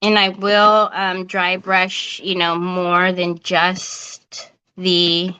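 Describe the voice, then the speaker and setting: Slow, bright-voiced woman crafting. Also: lowish voice, completely flat delivery, smooth, poor audio. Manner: chatty and self-mocking, often laughing. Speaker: craft livestream host. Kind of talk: casual chat while crafting on a livestream.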